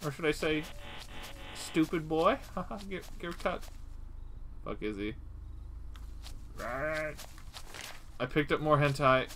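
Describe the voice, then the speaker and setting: Young streamer talking slow over a game, bright sharp voice, cusses a lot, faint hiss behind. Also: mid-range voice, low-quality recording. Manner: swears often, laughs at the game, talks to the enemy. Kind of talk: live gameplay commentary.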